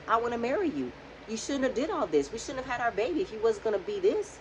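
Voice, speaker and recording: A woman's voice: fairly high pitch, big pitch swings, fast, a little hiss or hum, poor audio. A young woman casually recapping a reality show for her vlog, chatty and talking straight back to the people on screen. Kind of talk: casual reaction commentary.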